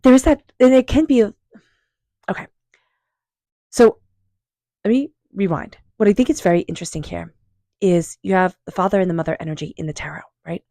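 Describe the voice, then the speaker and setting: A woman doing a tarot reading, speaking in a calm, unhurried, affirming way and softly repeating invocations. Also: medium pitch, no room sound, clean studio sound. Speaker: tarot reader. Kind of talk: tarot card reading monologue.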